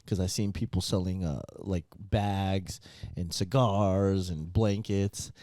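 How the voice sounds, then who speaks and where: A man's voice: low-pitched, fairly even intonation, takes it slowly, warm tone, no room sound, clean studio sound. Young man in goofy podcast banter. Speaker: podcast co-host. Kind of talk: casual chat.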